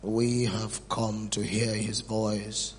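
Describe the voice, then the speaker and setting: A man leading worship as a psalmist, praying softly with slow, repeated words of adoration. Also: on the low side, little pitch movement, a little hiss or hum. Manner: slow, hushed, repetitive adoration. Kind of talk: soft spontaneous worship prayer.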